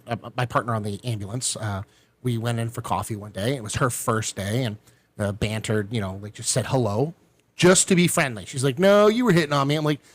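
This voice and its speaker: A middle-aged man telling a long personal story in casual chat, acting out the people he quotes with big jumps in pitch. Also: no echo. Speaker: podcast guest.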